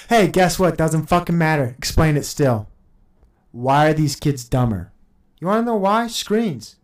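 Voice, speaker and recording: A man in his thirties hosting a podcast, ranting in a heated, profane and sarcastic monologue, laughing between points. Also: on the high side. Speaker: podcast host.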